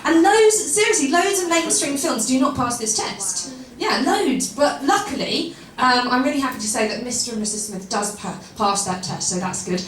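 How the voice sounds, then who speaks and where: A young woman does a stand-up set, her voice high and chatty, wandering through asides with plenty of ums. She is picked up from a distance in a roomy live venue, so her words carry an echo. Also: animated, normal speed, hardly any pauses. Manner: chatty, rambling, self-deprecating with many ums and laughs. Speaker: stand-up comedian. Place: live comedy venue with an audience.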